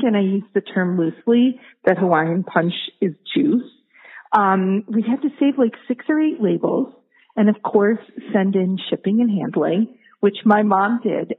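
Chatty New York woman on a tinny line. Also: mid-range voice. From Rochester, New York. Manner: chatty, self-mocking storytelling. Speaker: listener sharing a story. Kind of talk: recorded personal anecdote. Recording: tinny phone-quality recording.

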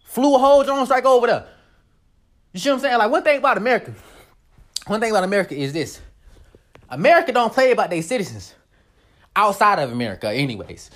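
A woman giving casual commentary on a vlog, animated and profane, laughing often as she rants. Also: medium pitch, fast, pauses often. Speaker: vlogger.

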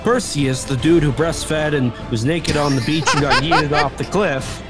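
Over background music, a young podcast co-host with a voice on the high side retells a movie's plot at a measured pace. His casual, comedic telling is animated, punctuated by laughter and squawking bird impressions.

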